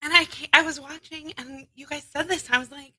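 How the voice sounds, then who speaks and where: A woman's voice: high voice, steady tone, brisk, sharp tone, no echo, poor audio. A woman appearing as a guest on a live show, talking in a chatty, enthusiastic way. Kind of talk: casual interview.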